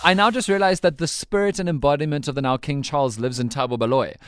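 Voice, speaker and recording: A man's voice: on the high side, fairly even intonation, fast, over loud music. A man hosting a breakfast radio show, chatty and teasing, laughing often. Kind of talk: casual radio banter.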